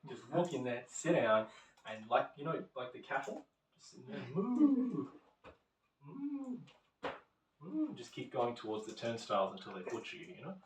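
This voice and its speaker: A man's voice: mid-range voice, a little fast, a little hiss or hum. A man giving a casual classroom lecture, telling stories and acting out little voices. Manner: animated storyteller, acts out little quoted voices. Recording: echoey room from far off.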